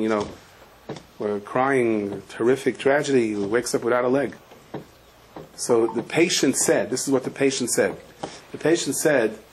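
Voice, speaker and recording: Male rabbi, animated storyteller, mid pitch, faint background noise. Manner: animated storyteller, acts out voices, shouts in quotes. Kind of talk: Torah lecture with stories. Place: attic room.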